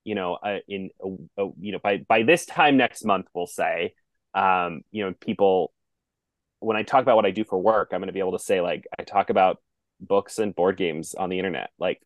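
Low-voiced chatty man, hesitant. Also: moderate pace, no room sound. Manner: chatty, hesitant with many fillers. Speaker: podcast guest. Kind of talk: casual chat.

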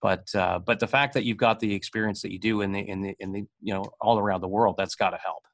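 Fast-talking male podcast host. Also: fairly low pitch, fairly even intonation, creaky. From North America. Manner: quick, eager, many restarts. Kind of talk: casual interview talk.

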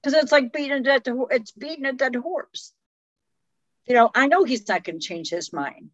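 A woman's voice: high voice, expressive, normal speed, no echo, lo-fi sound. A woman talking reflectively in a casual conversation. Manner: reflective, conversational, many fillers. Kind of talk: casual conversation about relationships.

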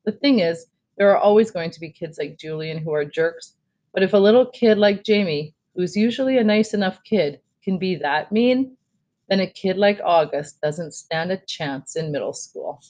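A woman reading a children's novel aloud in an even, steady way as host of a read-aloud series. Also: fairly low pitch, normal speed.

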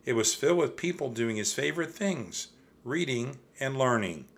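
A man narrating a children's storybook in an expressive, steady reading style. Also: mid-range voice, normal speed, creaky. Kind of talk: audiobook storytelling.

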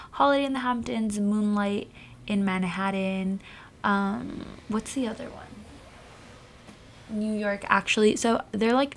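A woman's voice: mid-range voice, a little hiss or hum. A young adult woman chatting casually to her viewers, bubbly and rambling with lots of fillers and asides. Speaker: vlogger. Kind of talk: casual chat to camera.

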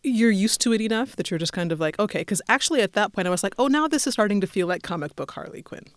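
A woman in a casual film review chat, opinionated and animated, laughing often. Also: medium pitch, fast talker, no echo, clean studio sound.

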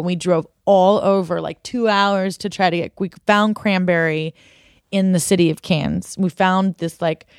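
In a dry, clean studio recording, a woman with a lowish voice co-hosts a podcast. She keeps things chatty, swapping stories and laughing a lot.

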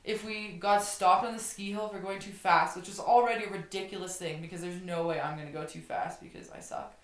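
A woman's voice: fairly low pitch, fairly even intonation, fairly quick. Giggly woman chatting in an echoey room. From Canada. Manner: giggly, rambling, jokey. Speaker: podcast guest. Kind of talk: casual chat.

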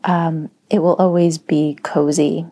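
A woman who writes and teaches writing, speaking slowly in a soft, reflective personal monologue with frequent pauses. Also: low voice, flat delivery. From Spanish-speaking home. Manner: slow, soft-spoken, pausing often.

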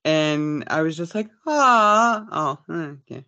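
A podcast co-host speaks bluntly and with strong opinions, swearing now and then. The voice is lively and animated, rising and falling a lot as they talk. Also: mid-range voice, slow pace, dull audio. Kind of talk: casual chat.

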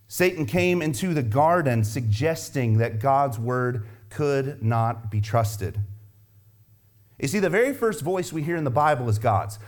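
A man's voice: medium pitch, a little mellow. A man preaching a sermon as pastor, emphatic and driving home points with repeated rhetorical questions.

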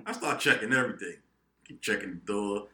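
A young man co-hosting a podcast, telling a profane, animated story among friends. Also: lowish voice, fairly quick. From New England, United States. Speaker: podcast co-host. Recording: echoey room.

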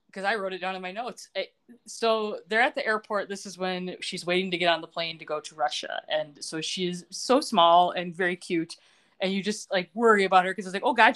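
A woman co-hosting a casual podcast, retelling scenes with animated, acted-out quotes. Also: mid-range voice. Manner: animated storytelling, acts out quotes. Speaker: podcast co-host.

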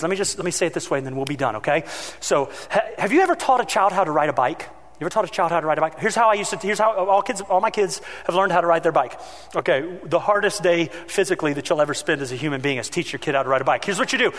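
A male pastor delivers a sermon with a fairly high voice, moving from quiet, earnest points to lively, animated storytelling. His words ring out with a long reverb from the church hall around him. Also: very fast. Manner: animated storytelling, acting out his own shouting.

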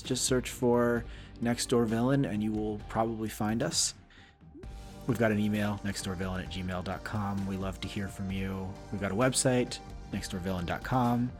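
A man co-hosting a podcast over a video call, giving dry, deadpan remarks and reading the show's sign-off. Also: medium pitch. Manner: dry, deadpan humor, hesitant restarts. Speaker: podcast co-host. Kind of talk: casual chat and show sign-off.

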